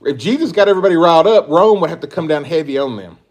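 A man's voice: a little high, animated, very fast. A man preaching a sermon, emphatic and full of rhetorical questions, rising and dropping in volume as he stresses points. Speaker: pastor.

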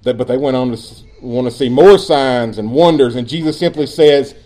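A man preaching a sermon as pastor, earnest and emphatic, dropping at times into quiet asides. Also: medium pitch, normal speed.

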